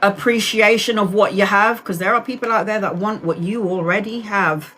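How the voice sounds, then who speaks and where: A woman's voice: mid-range voice, steady tone, normal speed, a bit bright, slight background noise. A woman in her forties giving live tarot readings, soothing and direct, calling listeners sweetheart and honey. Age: 40s. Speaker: tarot reader.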